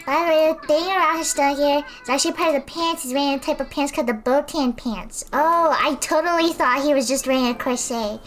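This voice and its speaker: A woman's voice: high voice, brisk, hardly any pauses, fairly bright tone, soft background music. A woman streamer chatting casually while she paints, rambling and self-deprecating.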